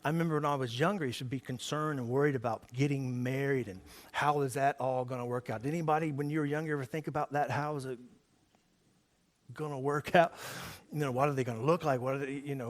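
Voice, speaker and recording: A male pastor preaching to his congregation in a church service. His delivery is conversational and engaging, with many questions thrown out to the crowd. His voice sits at an ordinary middle pitch. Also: brisk. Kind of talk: sermon.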